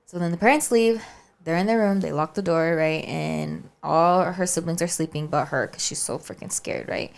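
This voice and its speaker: A woman's voice: low voice, moderate pace, creaky, clean tone. A woman podcast co-host casually telling a spooky story, chatty and always checking in with "right?" and "like.". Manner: chatty, keeps saying "right?" and "like".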